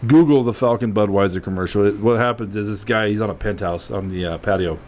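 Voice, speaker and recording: A man hosting a casual podcast chat, joking around and telling animated stories with frequent laughter. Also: lowish voice, fast. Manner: joking, animated storyteller who laughs often. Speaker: podcast host.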